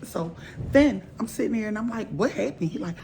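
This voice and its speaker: A woman's voice: mid-range voice, animated, brisk, creaky, dark tone, a little hiss or hum. A woman in casual storytime vlog style, animatedly acting out both sides of an argument. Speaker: storytime vlogger.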